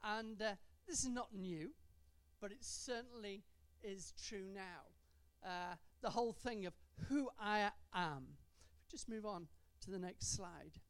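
A woman preaching a sermon in a church, stretching out key words for emphasis and adding gentle humour. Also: medium pitch, takes it slowly, smooth, no room sound.

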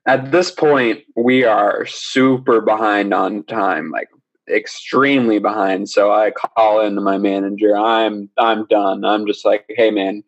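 A man's voice: fairly low pitch, unhurried. Young man telling a story animatedly. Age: young adult. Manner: animated, laughing as he tells it. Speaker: podcast guest. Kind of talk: casual storytelling. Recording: slightly dull lo-fi recording.

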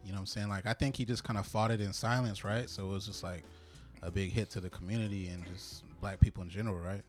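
A man co-hosting a podcast, chipping in with short agreements and relaxed, slangy remarks. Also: lowish voice, quick pace, faint music behind. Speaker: podcast co-host. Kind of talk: casual chat.

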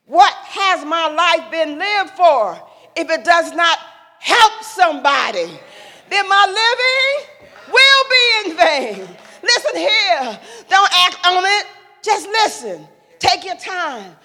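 An older woman giving an impassioned, preacherly speech to young adults, rising to loud emphatic calls. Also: extremely high pitch, sing-song, slow. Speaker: speaker sharing a mother's wisdom. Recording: long echo of a large hall.

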